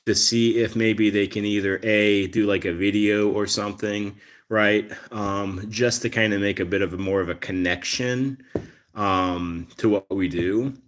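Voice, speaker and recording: Guy chatting on a cat livestream, lowish voice, lots of ums, reading out comments. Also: steady tone, measured pace. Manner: rambling, many fillers, reads viewer comments. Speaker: cat channel host. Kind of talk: casual live stream chat.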